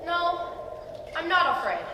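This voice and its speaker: An earnest, determined young heroine speaks politely and plainly, played by a woman on stage. Her fairly high voice is heard from afar in a booming, echoey theater hall. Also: sing-song, takes it slowly, far from the mic, background noise, full character voice. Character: determined young girl on a quest for her prince. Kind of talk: stage play acting.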